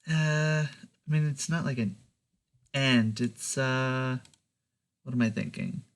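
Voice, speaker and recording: Halting male game master. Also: mid-range voice. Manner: casual, halting, many fillers. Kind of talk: narrating a tabletop game.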